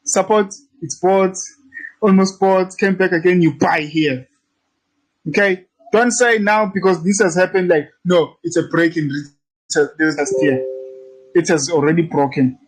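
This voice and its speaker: Brief: cocky male trading coach, high voice, talks casually. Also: unhurried, breathy edge, rough recording. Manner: brash, teasing, repetitive, swears freely. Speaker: trading instructor. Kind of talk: casual screen-share tutorial.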